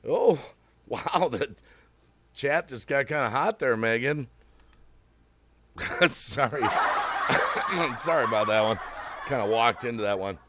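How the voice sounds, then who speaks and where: A man hosting a casual livestream, greeting viewers by name, reading chat aloud and rambling as he thinks out loud. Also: medium pitch, lively intonation, slow pace, pauses often, very noisy. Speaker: livestream host.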